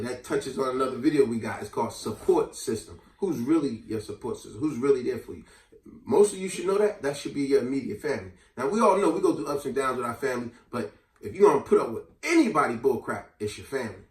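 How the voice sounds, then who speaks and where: A man telling a fable and giving life advice in casual chat, acting out the characters as he goes. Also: mid-range voice. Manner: animated storyteller acting out characters' voices. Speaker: host. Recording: echoey room, mic at a distance.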